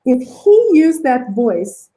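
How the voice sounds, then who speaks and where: Mellow-voiced woman artist on a call. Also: sits high, sing-song, slow, poor audio. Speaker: guest artist. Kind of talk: casual video call interview. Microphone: video call.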